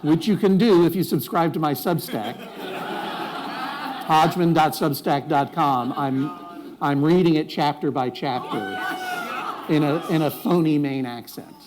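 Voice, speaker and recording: A man's voice: fairly high pitch, unhurried, noisy background. Wry, rambling man on stage. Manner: rambling, self-interrupting, wry jokes. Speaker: guest speaker at live Q&A. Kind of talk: live stage conversation. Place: live venue before an audience.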